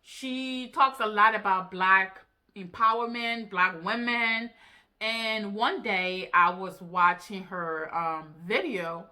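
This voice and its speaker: A woman vlogger casually recounting an online exchange, animated and incredulous, with rhetorical questions to her viewers. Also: medium pitch, slow. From Africa. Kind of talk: casual storytelling to camera.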